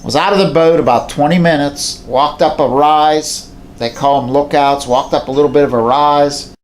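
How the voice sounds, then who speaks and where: This man's voice is a little high, with a steady tone at normal speed. He's a folksy, plainspoken southwestern Pennsylvanian who repeats himself while telling a hunting story to camera indoors at home by a mounted moose.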